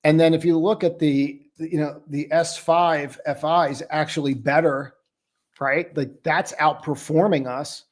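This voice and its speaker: A man's voice: a little high, steady tone, measured pace. A man hosting a live trading stream, talking casually and bluntly through market charts with lots of filler words. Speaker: trading show host.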